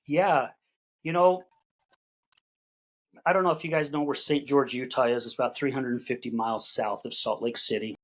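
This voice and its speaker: A man's voice: mid-range voice, fairly even intonation, moderate pace, pauses often, rough recording. A middle-aged man, a podcast guest, telling his story in a casual, folksy way, repeating words as he gathers his thoughts and acting out bits of dialogue. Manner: acts out quoted dialogue in conversation.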